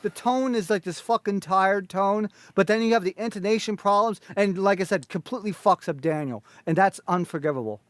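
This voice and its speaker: A man's voice: high voice, fairly quick, few pauses, no echo. A man ranking concert recordings, firing off a long list of blunt complaints and swearing constantly. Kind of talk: profane critical rant.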